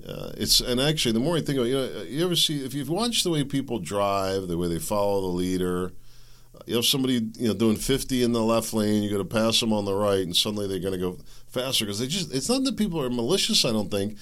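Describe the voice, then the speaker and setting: Talking fast with an animated, lowish and somewhat bright voice, the host of a solo commentary podcast delivers heated rants, repeating words and cutting himself off. He coughs, and he mocks opponents by sarcastically imitating them.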